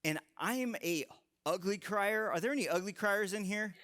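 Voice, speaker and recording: A man in his thirties giving a live sermon to a young adult crowd in a large room, telling stories with animated humor. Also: high-pitched, moderate pace. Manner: animated, joking storytelling. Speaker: young adult ministry speaker.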